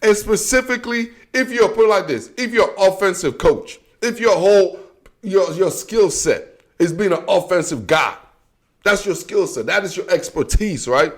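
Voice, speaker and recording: High-voiced man ranting about football. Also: expressive, moderate pace. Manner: slangy, blunt, heated; repetitive filler like "man" and "bro". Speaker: football commentator. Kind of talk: casual sports rant to camera.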